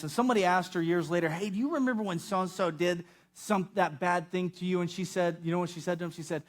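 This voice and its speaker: A young adult man preaching a sermon, animated and acting out the voices he quotes. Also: high-pitched. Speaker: pastor.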